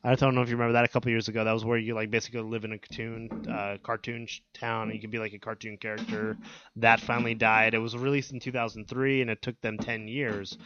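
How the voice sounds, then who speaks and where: A man's voice: medium pitch, flat delivery, fast talker, dull audio, noisy background. A man co-hosting a casual gaming podcast, chatting loosely and listing things off. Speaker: podcast co-host.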